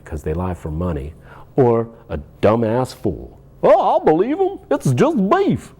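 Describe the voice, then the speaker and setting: A man's voice: mid-range voice, darkish tone. A man hosting a talk show, ranting with sarcasm and firing off rhetorical questions. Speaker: podcast host. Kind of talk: ranting commentary.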